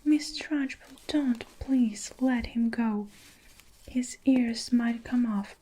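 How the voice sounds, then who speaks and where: Whispered role-play: woman doing soft pleading young teacher, unhurried. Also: on the high side, breathy edge, voice pushed up, poor audio.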